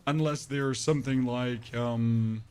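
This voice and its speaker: Slightly hoarse man streaming a game. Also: mid-range voice, steady tone, takes it slowly, a little mellow, a little hiss or hum. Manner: rambling, joking asides to chat. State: a bit hoarse. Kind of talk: casual live-stream gameplay commentary.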